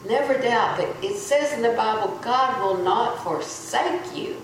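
A woman giving a sermon in a church hall, telling folksy stories and repeating her points slowly for emphasis. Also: medium pitch, slight background noise. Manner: folksy storytelling, slow emphatic repetition. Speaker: church speaker. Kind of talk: sermon with a personal story. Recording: echoey room.

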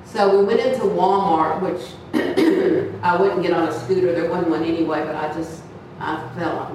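A woman's voice: fairly low pitch, measured pace, few pauses. A woman speaks to her church congregation in a loose, storytelling sermon, acting out voices and laughing along the way. She is recorded from a distance in a very echoey hall. A faint hiss sits under the sound. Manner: animated, acts out voices in her stories, laughs often.

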